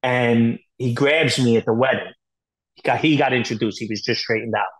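A man's voice: medium pitch, steady tone, poor audio. A man as a podcast guest telling candid stories in a blunt, profane way, full of fillers. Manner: rapid, blunt, profane, filler-heavy storytelling. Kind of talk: candid storytelling interview.

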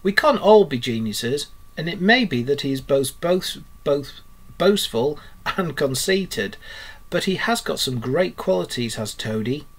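Teacher doing a good-natured male river rat for a storybook: upbeat, hearty, lively. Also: on the high side, a little slow. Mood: cheerful. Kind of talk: storybook reading.

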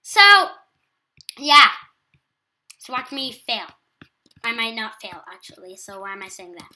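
A woman's voice: a little high, measured pace, bright, forceful tone, a little hiss or hum. A teenage girl with an English accent chatting casually while playing a video game, self-deprecating and talkative. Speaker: gaming YouTuber. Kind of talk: casual gameplay commentary.

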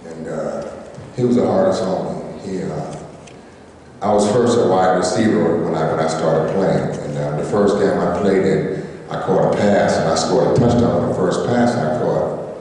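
A middle-aged man giving an emotional, halting hall of fame acceptance speech, full of fillers and jokes. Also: low voice, dark tone, slight background noise. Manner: halting, many fillers and restarts, joking. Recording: echoey hall, distant mic, faint ambience.

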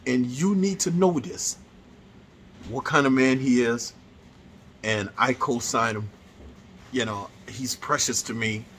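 A man talks straight to his viewers in a casual, heartfelt way, circling back and repeating himself as he tells a story. His voice sits at an ordinary middle pitch. A faint ambient hum runs under the recording. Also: takes it slowly, pauses often, fairly bright tone. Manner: earnest, repetitive, heartfelt storytelling with restarts. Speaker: vlogger.

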